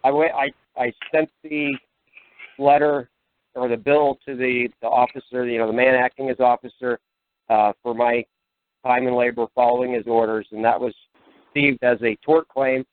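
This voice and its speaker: A man of middle pitch calls in to a talk show and tells his story hesitantly, full of "uh" and "you know". His voice is dry and thin, squeezed through a phone line. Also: little pitch movement, normal speed, no room sound. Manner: hesitant, with many fillers. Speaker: caller.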